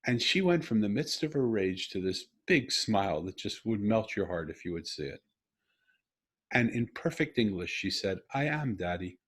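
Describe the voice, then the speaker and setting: Low husky man telling a personal story. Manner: earnest, halting with restarts, rising to animated emphasis. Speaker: podcast host. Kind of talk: conversational storytelling. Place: home room over video call. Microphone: video call.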